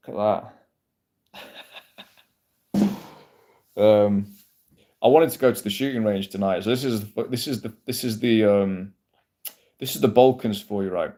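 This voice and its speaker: A man's voice: fairly low pitch, warm tone. A man chatting casually on a livestream, rambling, swearing freely and answering comments from his chat. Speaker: livestream host.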